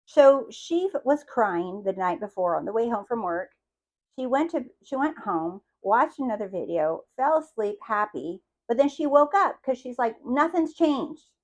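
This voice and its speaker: A woman's voice: expressive, normal speed. A woman coach giving a motivational talk to her viewers. She keeps checking in with "do you see?" and acts out the stories she tells. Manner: acts out quotes with big swings in pitch and loudness. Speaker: manifestation coach.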